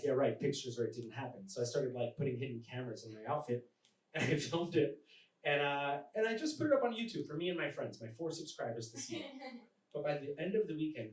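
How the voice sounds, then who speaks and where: A man's voice: medium pitch, quick pace. Man doing stand-up in an echoey room. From born in Mexico, raised in the United States. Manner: animated storytelling, acting out characters' voices. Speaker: stand-up comedian. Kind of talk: live stand-up comedy set. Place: live comedy stage in front of an audience. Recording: echoey room, mic from a distance, audible ambience.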